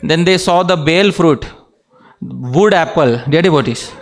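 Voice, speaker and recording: A man's voice: fairly high pitch, measured pace. A man giving a devotional scripture class, often asking his listeners questions and repeating a fond address to them, with light laughs between points. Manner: engages audience with questions, repeats "dear devotees".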